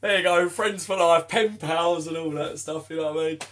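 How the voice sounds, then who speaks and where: A chatty young man with a slightly high voice for a man hosts a relaxed football livestream. Speaking fairly quickly over background music, he reads viewer comments aloud and laughs along with them.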